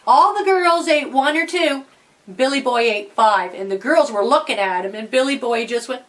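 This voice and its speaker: A woman telling a children's story in an animated, chatty way, speaking straight to the kids. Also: high voice, normal speed, rough recording.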